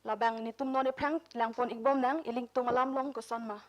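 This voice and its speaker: Woman, high-pitched, academic lecture, bilingual explanations. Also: steady tone, fast, rough recording. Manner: switches between Karbi and English, explains with examples. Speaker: workshop presenter. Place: conference room.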